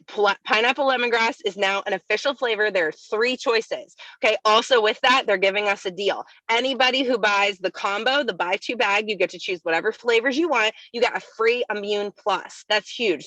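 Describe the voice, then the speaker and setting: A woman leading a network-marketing team, giving an energetic, upbeat recap and repeatedly addressing her listeners as "you guys.". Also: a little high, dry recording, poor audio.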